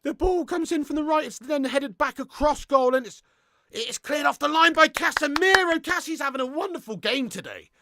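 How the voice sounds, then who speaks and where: A man hosting a live football watchalong, excitable and swearing freely while chatting to viewers. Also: very high-pitched, normal speed.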